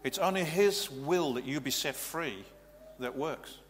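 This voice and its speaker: A man's voice: fairly high pitch, unhurried. A male pastor giving a practical, matter-of-fact teaching sermon in a church. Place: church hall. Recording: reverberant hall, faint hum.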